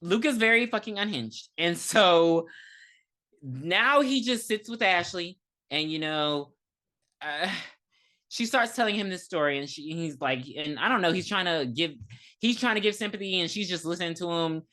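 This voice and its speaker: Animated woman recapping a movie, bright tone. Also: fairly low pitch, moderate pace. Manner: animated, profane storytelling with acted quotes. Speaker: podcast co-host. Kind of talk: casual movie review chat.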